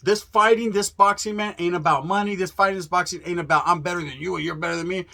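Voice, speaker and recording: A man's voice: high voice, steady tone, quick pace, gravelly, pushed and bright. Profane, amped man hyping a fight. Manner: profane, amped street-slang talk with Spanish words. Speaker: host. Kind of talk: hyped fight promo monologue.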